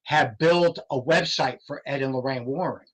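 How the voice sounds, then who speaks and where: An older man telling stories on a podcast in a lively way, laughing often and acting out what others said. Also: mid-range voice, normal speed, low-quality recording. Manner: animated, laughs often, acts out quotes. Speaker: paranormal investigator guest. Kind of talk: casual storytelling.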